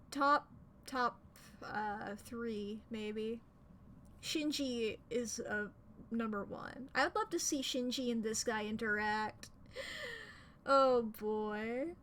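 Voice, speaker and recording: A woman streamer chatting casually while she plays, excitable, laughing often and swearing freely. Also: a little high, a little hiss or hum. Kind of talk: casual gaming commentary.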